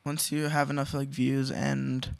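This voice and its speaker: A man's voice: mid-range voice, flat delivery, unhurried, vocal fry, dry recording, studio quality. A young man co-hosting a casual podcast, joking and laughing often. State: hoarse throat. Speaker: new podcast co-host. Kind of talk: casual chat.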